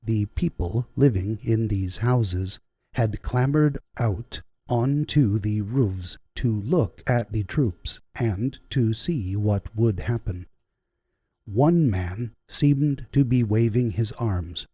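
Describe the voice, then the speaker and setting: A man narrating an audiobook slowly, with a husky, mellow voice. His measured reading sits close and dry on the mic. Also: fairly low pitch, no room sound. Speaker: audiobook reader.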